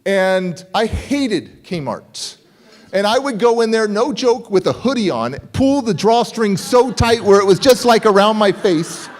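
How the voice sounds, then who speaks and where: A middle-aged man giving a motivational speech and telling a story from his youth in an animated way, acting out the voices of the people in it. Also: sits high, a little slow. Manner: animated, acts out voices in dialogue. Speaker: motivational speaker.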